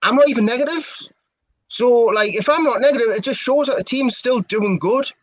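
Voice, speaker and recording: A man's voice: very high voice, a little fast. A man on a fan chat panel, joking and teasing. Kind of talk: casual live fan chat.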